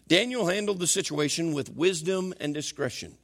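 A male pastor preaching a sermon in an animated, conversational way. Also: fairly high pitch, moderate pace, vocal fry.

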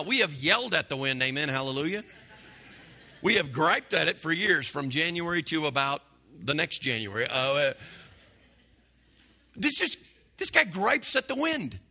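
Gravelly, bright-voiced preacher. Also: male voice, fairly high pitch. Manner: folksy, conversational preaching with restarts and dropping to a hush. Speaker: pastor. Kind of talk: sermon.

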